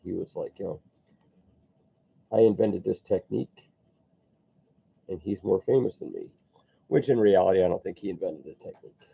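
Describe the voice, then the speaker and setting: A man with a very low, gravelly, husky voice chats casually and rambles to his live-stream viewers while working on a sculpture, responding to their comments as he goes. The audio sounds thin and tinny, like it's coming over a phone line.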